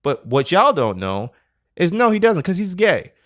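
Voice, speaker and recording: A young man, a podcast co-host, telling a story in casual chat and acting out quotes, laughing often. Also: normal speed. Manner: animated, acts out quotes with big pitch jumps, laughs often.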